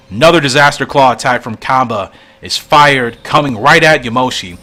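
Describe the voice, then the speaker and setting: A man reads through a comic, musing aloud and sometimes sounding confused as he offers casual commentary. His mid-range voice is pushed and bright at a moderate pace, with faint music playing behind him.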